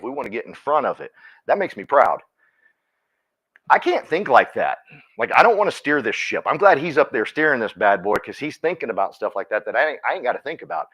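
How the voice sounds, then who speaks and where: A man giving a folksy, energetic motivational talk to his team, often repeating himself. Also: mid-range voice, lo-fi sound. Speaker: team leader speaking at a company meeting.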